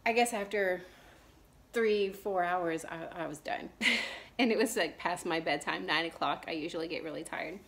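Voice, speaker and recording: A woman in her thirties from Texas, chatting casually into the camera as a cross-stitch vlogger. She rambles along, full of fillers and restarts, and clears her throat now and then because of allergies. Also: fairly low pitch, moderate pace, fairly bright tone. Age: 30s. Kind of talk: casual chat.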